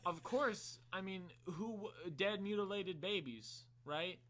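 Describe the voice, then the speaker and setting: A man's voice: high-pitched, measured pace, fairly bright tone. A young man co-hosting a casual podcast, telling a rambling story full of "like" fillers. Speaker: podcast co-host. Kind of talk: casual chat.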